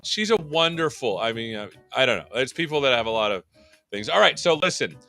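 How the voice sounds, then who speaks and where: Male livestream host, bright and lively, self-deprecating jokes, soft music in the background. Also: medium pitch, fairly quick. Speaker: show host. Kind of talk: casual livestream chat.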